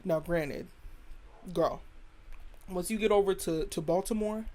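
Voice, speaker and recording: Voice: mid-range voice, measured pace, dark tone. An American podcast host giving a rambling, opinionated solo monologue full of slang. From United States.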